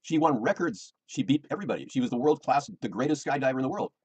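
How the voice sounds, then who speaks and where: A man's voice: medium pitch, lively intonation, quick pace, darkish tone, slightly rough, low-quality recording. A middle-aged American man, rambling and defensive, repeating himself as he complains about his personal life. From United States.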